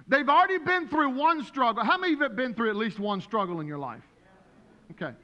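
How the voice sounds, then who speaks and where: A man preaching a sermon as pastor, telling stories in an animated way and acting out the voices of the people in them. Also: very high voice, lo-fi sound. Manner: animated, storytelling with acted-out voices. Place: church sanctuary. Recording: long hall reverb.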